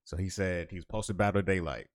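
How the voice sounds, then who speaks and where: Man, very low voice, dry close sound, relaxed slangy podcast chat, long explanations. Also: fast, no room sound. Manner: laid-back, explains news at length in slang. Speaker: podcast co-host. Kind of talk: casual chat.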